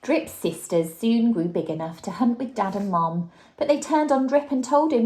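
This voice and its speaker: A woman, a teacher, reading a picture book aloud to a child, shouting out the dinosaurs' lines and chatting about the pictures. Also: on the high side, moderate pace. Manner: lively, acts out the dinosaurs' shouts and chats with the child. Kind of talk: storybook read-aloud.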